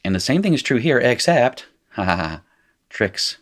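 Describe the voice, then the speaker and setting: A man with an Appalachian accent from North Carolina, teaching a recorded lesson in a relaxed way that corrects itself as he goes. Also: mid-range voice, moderate pace. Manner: casual, self-correcting explainer who laughs at his slips. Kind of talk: recorded lecture.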